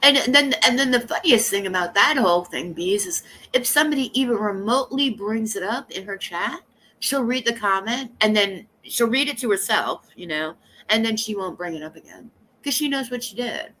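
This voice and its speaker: A woman's voice: medium pitch, expressive, moderate pace, pushed and bright, a little hiss or hum. A woman live streamer chatting casually with her viewers, rambling and blunt, coughing now and then from allergies. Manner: rambling, blunt and gossipy, talking straight to chat.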